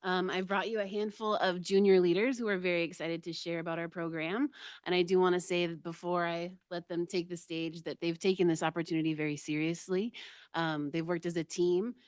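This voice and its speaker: A woman's voice: lowish voice, level tone, fairly quick, a little mellow, clear, resonant tone, no room sound, clean studio sound. A woman program coordinator presenting to a school board in a composed, plain-spoken way.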